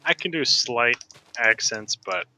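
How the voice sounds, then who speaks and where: A man with a very bright, cutting tone chats with friends during a game. He is easygoing but halting, circling back and restarting his thoughts. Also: mid-range voice, animated, slight background noise. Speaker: co-player. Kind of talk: casual chat while playing a game.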